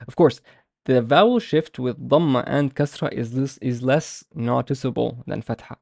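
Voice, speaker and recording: A man teaching a language lesson, explaining patiently and slowly repeating sounds to demonstrate them. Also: medium pitch, creaky, no room sound, clean studio sound.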